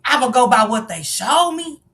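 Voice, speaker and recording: A woman's voice: fairly high pitch, animated, normal speed, fairly bright tone, far from the mic. A woman giving passionate live-stream commentary, firing off rhetorical questions and sometimes raising her voice. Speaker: livestream commentator.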